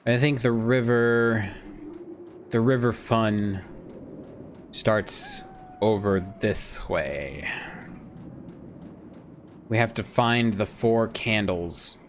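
A man streaming a game, rambling chattily about it and now and then jumping into squeaky joke voices. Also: extremely slow, pauses often, a little hiss or hum. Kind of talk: casual gameplay commentary.

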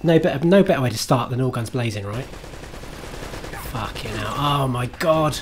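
A man's voice: mid-range voice, expressive, moderate pace, background noise. A man streaming himself playing a game, chatting to viewers in a self-mocking way, swearing and laughing at his own mistakes. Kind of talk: live gameplay commentary.

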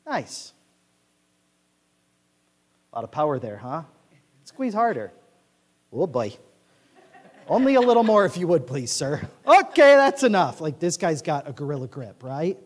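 A male pastor preaching a sermon in a church, swinging from quiet asides to loud declarations. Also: fairly high pitch, sing-song, unhurried, long pauses, big-room sound. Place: large church sanctuary.

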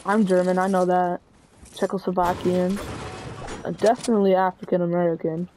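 A man's voice: sits high, little pitch movement, brisk, mellow, a little hiss or hum. A young guy joking around and rambling goofily while gaming with his cousin. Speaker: gamer playing with his cousin. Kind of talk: casual gameplay banter.

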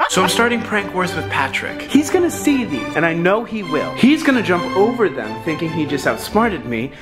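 A man's voice: high voice, very animated, moderate pace, over music. A young man hosting a casual vlog, laughing often, joking and swearing with friends. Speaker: vlogger.

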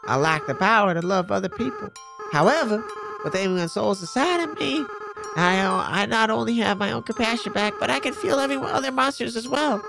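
A man voicing a gentle, remorseful young goat-monster boy, reading the game's dialogue in a soft, earnest way. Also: high-pitched, very animated, brisk, vocal fry, over music, heavily acted. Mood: tender.

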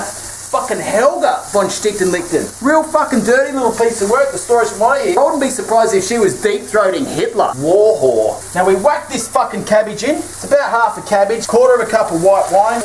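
Australian man, crude cooking show host, foul-mouthed, brash, echoey kitchen, faint background noise. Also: sits high. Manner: brash, swears constantly. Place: home kitchen.

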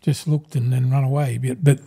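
A man's voice: mid-range voice, little pitch movement, normal speed, creaky, mellow, breathy edge. An Australian man in his sixties, a podcast guest telling rambling, blokey stories and calling everyone "mate". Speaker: guest, former rugby league forward. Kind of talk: casual storytelling in a podcast interview.

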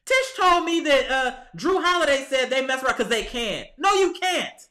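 A high, bright-toned man rants at his team, heated and exasperated, as if talking to the players themselves. His voice rings off the walls of an echoey room at home, picked up by a camera mic. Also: lively intonation, normal speed. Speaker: sports vlogger. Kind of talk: ranting fan commentary.

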